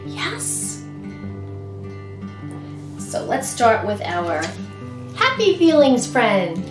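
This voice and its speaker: Woman children's librarian, high lively sing-song voice, unhurried, roomy room with guitar music. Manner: animated, sing-song, exaggerated expressions. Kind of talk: singing and talking to toddlers.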